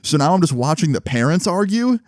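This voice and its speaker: Animated swearing guy telling a story. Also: fairly high pitch, a little fast, dry recording, studio quality. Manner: animated, swearing, filler-heavy. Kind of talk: casual storytime.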